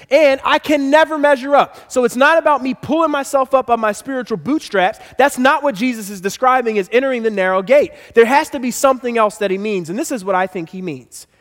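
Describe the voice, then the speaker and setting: Male pastor with a high voice, emphatic sermon delivery, repeating key phrases, echoing through a big church hall. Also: a bit bright.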